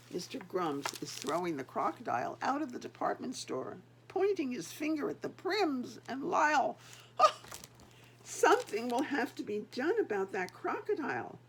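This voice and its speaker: A woman's voice: fairly high pitch, a little hiss or hum. An older woman, a grandmother, reading a picture book aloud and chatting to the children between pages.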